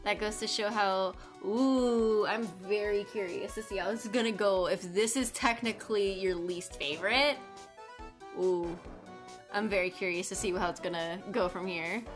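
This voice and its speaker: A woman's voice: mid-range voice, moderate pace, soft background music. A woman streaming a game, chatting casually with crude, playful jokes.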